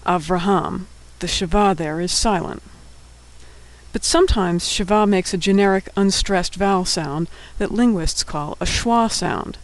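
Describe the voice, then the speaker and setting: A man's voice: high-pitched, rough recording. A man teaching a Hebrew alphabet lesson, patiently sounding out words syllable by syllable.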